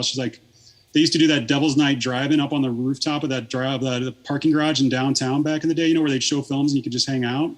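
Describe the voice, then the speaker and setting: A man's voice: medium pitch, fairly even intonation, fast talker. A man in his thirties, a podcast guest, telling a long story in casual, rambling talk full of swearing and fillers.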